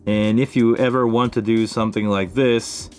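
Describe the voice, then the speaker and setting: Male stream host, low voice, casual and chatty, thinks aloud while demoing gear, faint music underneath. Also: normal speed. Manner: relaxed, thinking aloud with fillers and restarts. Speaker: live stream host answering viewer questions.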